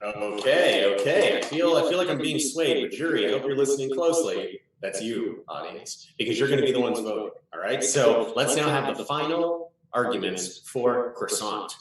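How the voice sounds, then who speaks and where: A man hosting and judging an improv game show with upbeat, brisk emcee patter. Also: medium pitch, animated. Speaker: game show host and judge. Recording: roomy echo, distant from mic.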